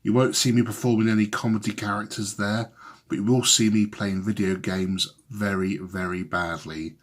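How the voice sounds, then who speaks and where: A man speaks casually and with self-deprecating humour straight to camera. His voice is low with a husky grain. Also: fairly even intonation, moderate pace. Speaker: comedian. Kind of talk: casual direct-to-camera chat.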